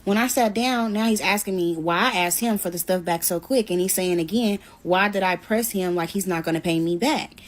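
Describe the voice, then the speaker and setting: A woman's voice: fairly low pitch, a little fast, few pauses. Woman telling a blunt story time. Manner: blunt, animated retelling with swearing. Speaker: storyteller vlogger.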